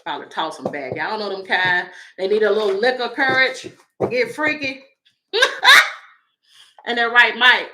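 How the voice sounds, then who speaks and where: A woman's voice: medium pitch, normal speed, pauses often, noisy background. A woman reading tarot on a casual livestream, blunt and profane, laughing often as she talks to her viewers. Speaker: tarot reader.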